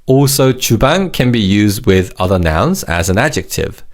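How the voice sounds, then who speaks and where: A man teaching a language lesson in a clear, encouraging way, modelling words for the listener to repeat. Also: fairly low pitch, very animated, moderate pace.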